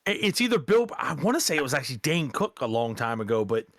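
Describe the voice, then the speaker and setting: A man's voice: mid-range voice, sing-song, fast talker, fairly bright tone, no echo, studio quality. A man co-hosting a casual podcast, laid-back and joking, with swearing and banter. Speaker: podcast co-host.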